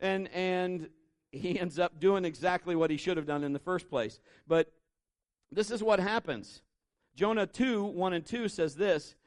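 High pitched preacher guy at church, chatty sermon, telling stories. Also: measured pace, dry recording, clean studio sound. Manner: conversational, animated storytelling with acted-out quotes. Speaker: pastor. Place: church service.

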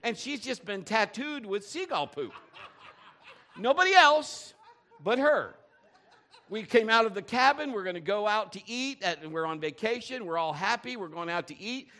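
A male pastor delivering a sermon in a relaxed, conversational style. His voice sits a little high for a man. He jokes, tells stories and keeps checking in with the congregation. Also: normal speed, few pauses. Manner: conversational, joking storyteller, asks the crowd questions.

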